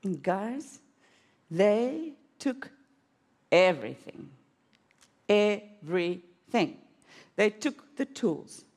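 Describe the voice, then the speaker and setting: A woman's voice: medium pitch, very animated, extremely slow, pauses often, darkish tone. A woman preaching a sermon in an auditorium, telling a personal story with dramatic swings of emotion.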